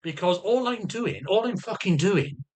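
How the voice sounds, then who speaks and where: A man's voice: high voice, expressive, normal speed. A man giving a ranting personal health update, swearing constantly and circling back over his words. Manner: swears constantly, rambling and repetitive; agitated, defensive rant. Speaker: vlogger.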